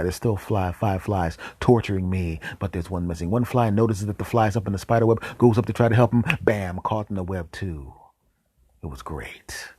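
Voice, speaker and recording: A man with a very low, husky voice tells a comic story as the host of his show. He delivers it in an animated way and drops into whispered, deadpan asides. The sound is dry and close. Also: no room sound.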